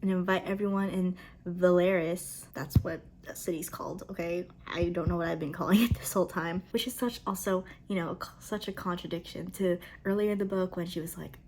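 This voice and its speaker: A young woman talking casually in a reading reaction vlog, emotional and gushing, with quick bursts of outrage. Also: lowish voice, fairly even intonation, a little mellow, a little hiss or hum. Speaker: book vlogger.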